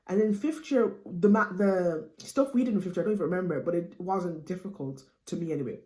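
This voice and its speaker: A woman's voice: on the low side, brisk, roomy sound. A young Irish woman in her late teens, chatting casually and animatedly to camera as a student vlogger. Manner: chatty, animated, with lots of fillers like "you know what I mean".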